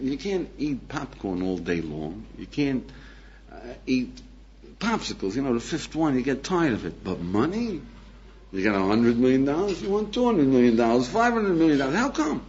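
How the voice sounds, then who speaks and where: A rabbi teaching a class to a live audience in an animated, questioning way, chuckling and acting out little dialogues. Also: male voice, medium pitch, a little hiss or hum. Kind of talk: lively lecture to a live audience. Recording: dull lo-fi archival lecture tape.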